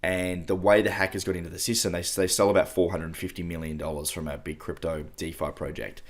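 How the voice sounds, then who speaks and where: Low-voiced man explaining scams. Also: quick pace. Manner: explanatory, steady, uses fillers like "you know". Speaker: podcast co-host. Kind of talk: casual chat.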